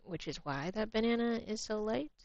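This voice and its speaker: An American woman chatting casually on a livestream while drawing, laughing easily, swearing bluntly, and sometimes dropping to a quiet mutter as she works. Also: a little high, expressive, moderate pace, no echo. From United States. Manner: drifts to quiet murmurs while working. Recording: muffled lo-fi stream audio.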